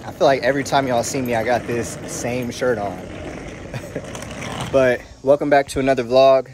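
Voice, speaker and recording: A man's voice: medium pitch, normal speed, noisy background. A man of thirty with a stuffed-up, congested voice, talking casually and upbeat to camera in a slangy vlog. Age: 30s. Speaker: vlogger.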